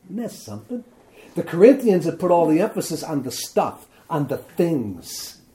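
A man gives a sermon in a mellow, warm voice that sits a little high for a man. He talks to his listeners casually and reads scripture aloud with emphasis, and he checks in with them again and again by asking whether they see it. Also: big pitch swings, moderate pace. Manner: conversational, asks "see?" and "isn't that something?". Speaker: pastor.

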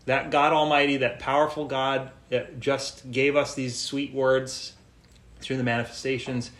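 A man preaching a sermon in a gentle, earnest way, repeating phrases for emphasis. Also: mid-range voice, little pitch movement, a little slow. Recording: echoey room, faint noise.

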